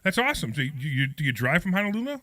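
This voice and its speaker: Fast, bright-voiced joking radio host. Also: male voice, fairly high pitch, big pitch swings, no room sound. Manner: quick, joking, talks over callers. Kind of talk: live call-in radio chat.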